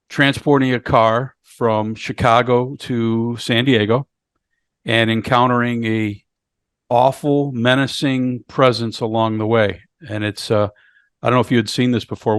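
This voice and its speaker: A man's voice: medium pitch, level tone, clean tone, dry recording, clean studio sound. A man co-hosting a podcast, casually recapping a horror movie and often repeating words as he goes. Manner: halting, repeats words while recapping the plot. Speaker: podcast co-host. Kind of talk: casual movie review chat.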